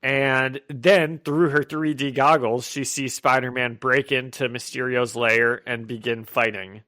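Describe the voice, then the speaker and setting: A man's voice: medium pitch, fairly even intonation, unhurried, sharp tone, no room sound, studio quality. A man co-hosting a comic book podcast, chatting casually, rambling and laughing often. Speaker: podcast co-host.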